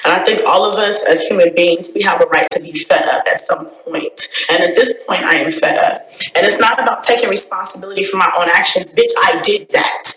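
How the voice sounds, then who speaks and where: A woman's voice: lowish voice, a little fast, fairly bright tone. Profane fed-up woman ranting in a roomy space. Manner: profane, repetitive, fed-up venting. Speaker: YouTuber. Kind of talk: angry rant vlog. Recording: roomy echo.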